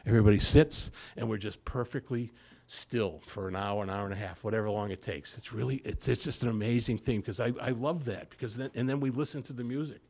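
Brisk and slightly mellow, a man with a mid-range voice gives his testimony at a recovery meeting. He speaks plainly, repeats phrases to stress them, and acts out others' words as he tells the story.

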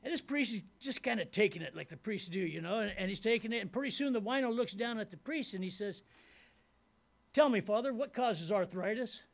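A middle-aged man tells his story to a room full of people at a recovery meeting. His voice is pitched high with a gravelly texture. He rambles casually and keeps checking in with his listeners. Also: expressive, fast talker, few pauses, a bit bright. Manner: rambling and casual, with many "man" and "you know what I mean". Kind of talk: personal recovery talk to a meeting. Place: meeting room before a live audience.

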